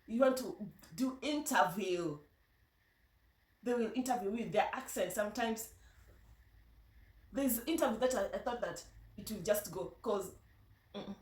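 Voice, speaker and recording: A woman with a Luo accent talking in a casual vlog, telling stories in a chatty, halting way and often restarting her sentences. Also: mid-range voice, darkish tone. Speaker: vlogger. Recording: echoey room, voice from a distance.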